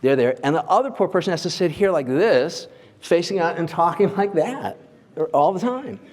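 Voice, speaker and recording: Speaking at a normal pace in a slightly high, darkish voice, a portrait photographer gives an animated, informal lecture to a live audience in a large symposium hall. The hall's long reverb surrounds his chatty talk, full of "like" and "right?" checks.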